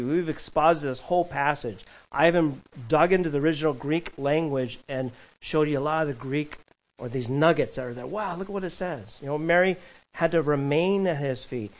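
A man preaching to his church in a fairly high voice. He swings between loud, emphatic calls and quiet, conversational asides, chuckling now and then between points. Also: rough recording. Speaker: pastor. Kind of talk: sermon.

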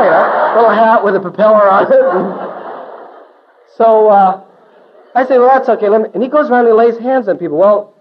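A man giving a church testimony as an animated storyteller, full of hippie slang, swinging from loud bursts to hushed asides. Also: on the high side. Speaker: testimony speaker. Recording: dull lo-fi recording.

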